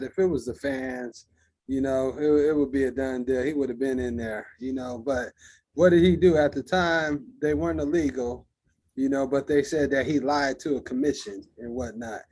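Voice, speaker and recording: A man's voice: medium pitch, normal speed, a little mellow. A man co-hosting a casual sports chat, arguing his points thoughtfully and acting out quotes. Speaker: podcast co-host.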